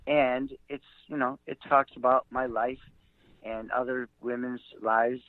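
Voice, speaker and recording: Middle-aged male comic guest, halting anecdotal teller with fillers, acts out quotes; tinny phone line, dry. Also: medium pitch, fairly even intonation, dry recording. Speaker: guest, comedian and author. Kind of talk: rambling anecdotal storytelling.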